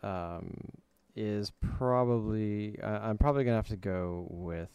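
A man's voice: on the low side, a little slow, a little mellow, smooth, no room sound. A man co-hosting a casual podcast, hesitant and jokingly mock-serious. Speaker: podcast co-host.

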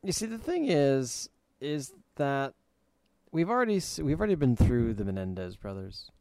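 A man's voice: medium pitch, sing-song, moderate pace, creaky, darkish tone, no echo, studio quality. A man co-hosting a casual podcast, hesitant and jokingly mock-serious. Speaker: podcast co-host.

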